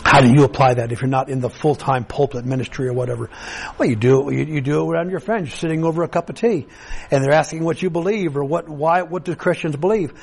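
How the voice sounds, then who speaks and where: A man delivers a sermon in an earnest, conversational way, his voice sitting a little high for a man. He often stumbles and restarts phrases, repeating words as he works through his point to the congregation. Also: fast, vocal fry, husky, low-quality recording. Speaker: pastor.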